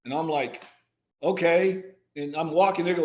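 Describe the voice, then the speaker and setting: A man being interviewed on a podcast, telling lively anecdotes and quoting the people in them. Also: a little high, normal speed, roomy sound, highs cut off. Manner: animated anecdotes, quoting others. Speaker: guest, athletic director and former coach. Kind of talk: storytelling in a casual podcast interview.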